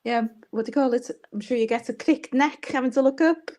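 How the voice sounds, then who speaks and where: A woman's voice: high-pitched, a little fast, warm tone. A woman with a Welsh accent, a guest on a casual livestream, agreeing with short replies and laughing often. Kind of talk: casual chat.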